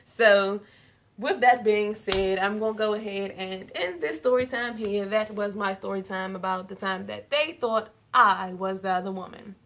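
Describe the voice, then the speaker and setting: A young woman telling a story to the camera in a casual vlog, animated and profane, laughing often. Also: medium pitch, normal speed. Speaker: vlogger.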